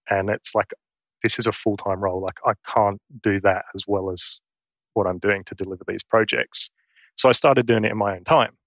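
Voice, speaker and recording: Man in his forties, Essex accent gone Australian, low voice, dry muffled sound, earnest storyteller. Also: steady tone, fairly quick, fairly bright tone, no room sound. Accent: Essex English turned Australian. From England. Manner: earnest storytelling with frequent restarts. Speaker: guest. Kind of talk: conversational interview.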